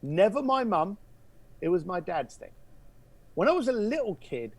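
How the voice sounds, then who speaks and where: A man's voice: high-pitched, animated. A man voicing an earnest adult male caller who halts and stumbles as he explains himself. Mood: wistful. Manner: halting, hesitant, full of fillers.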